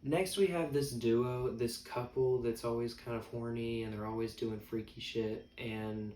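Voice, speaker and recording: A man's voice: medium pitch, fairly even intonation, measured pace, dark tone. A man chatting casually as a vlogger, rambling and joking at his own expense. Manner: rambling, jokey, self-mocking. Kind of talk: casual chat. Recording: echoey room, mic at a distance, faint music.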